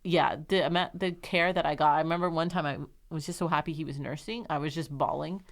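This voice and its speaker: A young woman telling stories softly in casual conversation, with many fillers. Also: deep voice, steady tone, quick pace. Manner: soft, storytelling with many fillers. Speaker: podcast guest.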